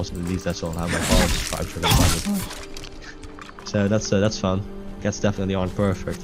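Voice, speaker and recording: A young man with a low, deep voice talks over his gameplay in loose, rambling bursts, swearing freely and restarting his sentences. Game music plays clearly underneath him. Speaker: gaming video host. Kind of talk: casual chat over gameplay. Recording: music playing clearly behind voice.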